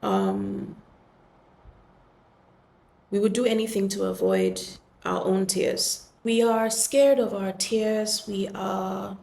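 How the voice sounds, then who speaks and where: A woman hosting a podcast, speaking earnestly and gently in a reflective solo talk, with many pauses and restarts. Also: medium pitch, steady tone, vocal fry, reverberant. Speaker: podcast host.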